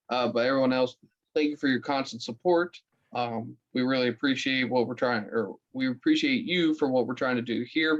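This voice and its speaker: Relaxed male co-host, joking and rambling, dull lo-fi audio. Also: medium pitch. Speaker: podcast co-host. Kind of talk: casual chat.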